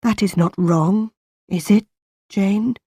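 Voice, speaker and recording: A woman reading the part of a brooding gentleman in a storybook, speaking slowly and gravely, lower than her own voice. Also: no room sound, clean studio sound. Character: brooding gentleman master of the house.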